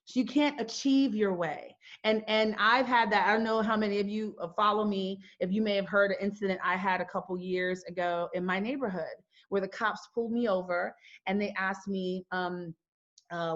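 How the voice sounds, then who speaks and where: This founder and host, a middle-aged woman, addresses an audience in an impassioned talk packed with emphatic, often-repeated rhetorical questions. Her mid-range voice is fairly bright, with fairly even intonation and normal speed, captured in dull lo-fi sound.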